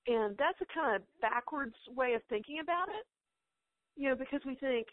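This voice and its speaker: A woman's voice: high voice, animated, normal speed, no echo. A woman speaker giving earnest, preacherly encouragement to homeschool mothers and answering their questions. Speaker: guest speaker, homeschool author. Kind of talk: encouraging talk and Q&A. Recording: tinny phone-like call audio, dry.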